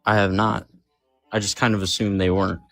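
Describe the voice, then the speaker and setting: Twenties male caller, lowish voice, hesitant, faint guitar behind. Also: flat delivery, gravelly, a bit bright, no room sound. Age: 20s. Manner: hesitant, halting with fillers. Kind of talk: casual conversation.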